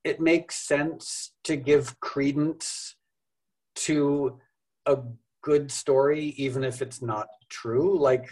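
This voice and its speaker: A man's voice: a little high, steady tone, slow, a little mellow, poor audio. A middle-aged man, a musician guest on a podcast, talking in a wry, thoughtful, rambling way with self-deprecating humor. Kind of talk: casual interview conversation.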